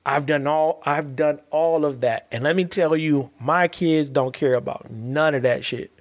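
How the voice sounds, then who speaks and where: A man's voice: on the high side, measured pace. A man and father giving a heartfelt monologue, earnest and emphatic, often repeating and restarting his words.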